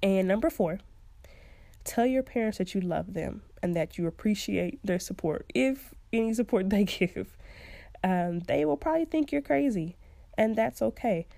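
Chatty and quick to laugh, a young adult woman gives casual advice as a podcast host. Her medium-pitched voice is expressive, creaky, and mellow, with a moderate pace and no room sound.

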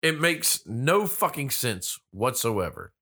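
A man co-hosting a casual, profane movie commentary. He laughs often and acts out characters in quick voices. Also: mid-range voice, sing-song, pushed and bright. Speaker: podcast co-host.

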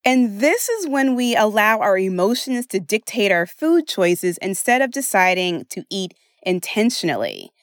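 An American woman hosting a solo podcast as a weight-loss coach, chatty and expressive, often laughing as she talks. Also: medium pitch, a little slow, few pauses, no room sound, studio quality.

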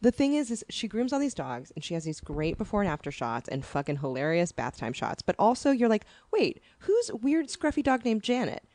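A woman co-hosting a casual podcast chat, animated and profane, spelling out names as she recommends things. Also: deep voice, brisk, hardly any pauses, no echo. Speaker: podcast co-host.

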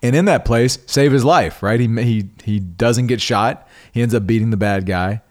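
A man's voice: mid-range voice, moderate pace. A middle-aged man hosting a podcast, telling a personal story in a conversational way, often restarting and repeating words. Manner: conversational, restarts and repeats words, animated when quoting himself. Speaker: podcast host.

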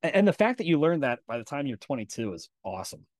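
A man's voice: mid-range voice, very animated, fast talker, dry recording, clean studio sound. Candid, profane male podcast host. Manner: candid and profane, acts out quoted dialogue in storytelling. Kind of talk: casual conversational interview.

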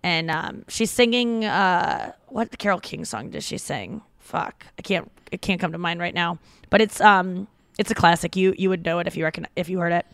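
A woman's voice: lowish voice, normal speed, creaky, no room sound. Chatty woman podcast host, dry sound. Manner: chatty, rambling, gushing. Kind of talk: casual podcast chat.

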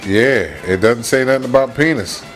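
A man's voice: medium pitch, normal speed. A man co-hosting a podcast, reading out slang definitions in casual banter. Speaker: podcast co-host.

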